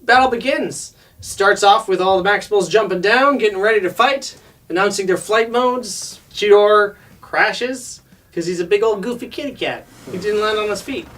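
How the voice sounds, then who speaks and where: A man's voice: high-pitched, moderate pace, fairly bright tone. A man co-hosting a casual review show, joking his way through a recap of the episode and slipping into goofy quoted voices. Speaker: podcast co-host. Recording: distant mic with faint music.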